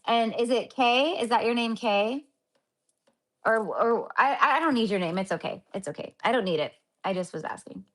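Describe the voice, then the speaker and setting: A woman with a fairly high voice, speaking at normal speed, hosts a spiritual healing livestream, chatting casually and affectionately. She calls viewers honey and my love and rambles, filling her talk with fillers and restarts.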